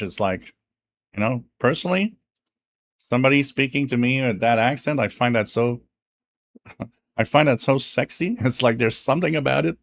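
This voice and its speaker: A man's voice: mid-range voice, fairly bright tone. A French Canadian man with a mid-range voice, hosting a live broadcast in a loose, easygoing way. He speaks English as a second language and chuckles often, leaning on casual fillers as he reads out viewer comments. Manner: chatty, laughs often, many fillers like "you know". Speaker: livestream radio host.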